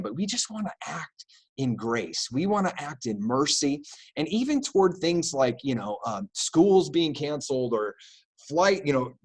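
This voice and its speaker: A man's voice: mid-range voice, slightly rough. A man preaching an informal sermon, talking conversationally with many fillers and restarts and briefly acting out the people he quotes.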